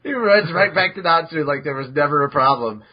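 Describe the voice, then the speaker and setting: Animated man recapping episodes, lo-fi. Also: brisk. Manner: animated, jumps into high squeaky voices for characters. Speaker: podcast host. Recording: dull lo-fi podcast audio.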